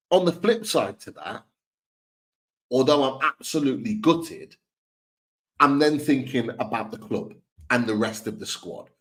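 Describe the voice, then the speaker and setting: A man's voice: medium pitch, low-quality recording. A man co-hosting a live football fan stream, talking earnestly and often repeating and restarting his words. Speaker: football podcast co-host.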